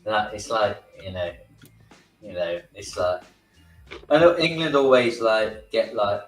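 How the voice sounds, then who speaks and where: A man's voice: on the low side, a little slow, roomy sound, far from the mic, faint music behind, rough recording. A man calling in to a football chat, sounding bored and leaning on filler words. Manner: bored, uses many "like" fillers. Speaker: caller. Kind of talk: casual call-in chat.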